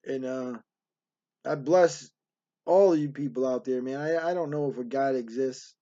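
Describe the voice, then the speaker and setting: A man's voice: mid-range voice, moderate pace, dark tone, lo-fi sound. A middle-aged man telling stories from his life in a rambling, streetwise way, recorded in a hotel room. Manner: rambling, streetwise, peppers lines with "man" and "right". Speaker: storyteller. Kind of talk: casual storytelling monologue.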